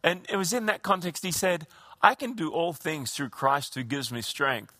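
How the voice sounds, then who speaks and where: A man delivers a sermon in a high, bright voice. He preaches conversationally, stumbling and restarting phrases as he goes. The sound is close and dry, with no room around it. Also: normal speed, no room sound. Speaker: pastor.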